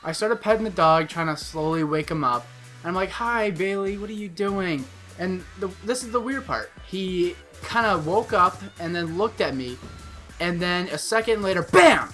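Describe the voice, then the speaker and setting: A young man telling a personal story to his viewers in a casual, animated way, swearing often and restarting sentences. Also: high-pitched, moderate pace, soft background music. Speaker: vlogger.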